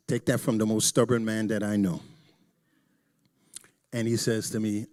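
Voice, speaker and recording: A middle-aged man giving a candid, joking talk to a church audience, swinging between loud emphasis and quiet asides. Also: on the low side, steady tone, normal speed. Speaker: church presenter.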